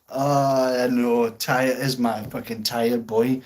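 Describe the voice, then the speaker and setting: Slow-talking Scottish man chatting on stream. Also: medium pitch, fairly even intonation. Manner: chatty, self-mocking, swears freely. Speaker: livestream host. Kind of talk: casual chat reading out viewer comments.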